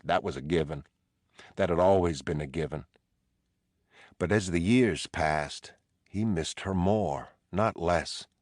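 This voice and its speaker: A man narrating an audiobook in a measured, somber way. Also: low voice, no echo, studio quality. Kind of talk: scripted narration.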